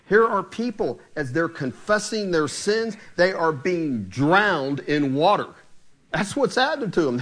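Animated male preacher with lively pitch. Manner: emphatic preaching with rhetorical questions. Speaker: pastor. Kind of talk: sermon.

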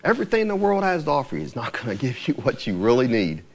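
A man preaching a sermon, quoting scripture with lively, rising emphasis. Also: mid-range voice, quick pace, creaky.

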